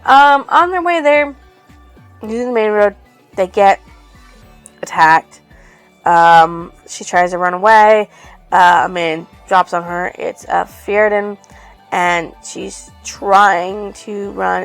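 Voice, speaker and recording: Gravelly-voiced woman rambling through a book recap. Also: medium pitch. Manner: rambling, loose, with frequent fillers and casual swearing. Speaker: book reviewer. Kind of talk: casual book review retelling.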